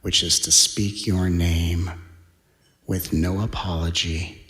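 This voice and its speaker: A man giving a spiritual talk, speaking in slow, deliberate phrases and dropping to a hushed whisper for emphasis. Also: deep voice, level tone, roomy sound. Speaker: spiritual teacher.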